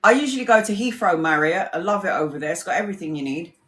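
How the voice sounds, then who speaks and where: A woman's voice: lowish voice, expressive, fast, a bit bright. A woman tarot reader telling stories in a casual livestream, candid and rambling, swearing freely. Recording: roomy echo.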